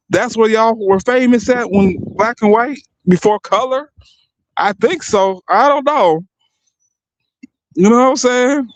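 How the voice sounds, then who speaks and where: A man's voice: high-pitched, rough recording. A young man delivering a heated, profane and mocking rant as a streamer. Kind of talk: heated ranting commentary.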